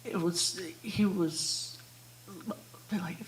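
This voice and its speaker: Slow hesitant woman asking a question. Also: fairly low pitch, fairly even intonation, a little hiss or hum, low-quality recording. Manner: hesitant, searching for words with many fillers. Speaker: audience member asking a question. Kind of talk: spontaneous audience question. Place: ashram hall at a live retreat. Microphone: handheld audience mic.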